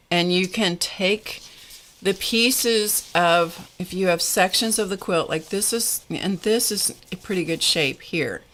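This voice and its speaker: A middle-aged woman hosts a live craft tutorial in a low, comfortable voice. She chats along casually and reads her viewers' comments back to them. Faint static hums under her words. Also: sharp tone. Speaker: craft show host.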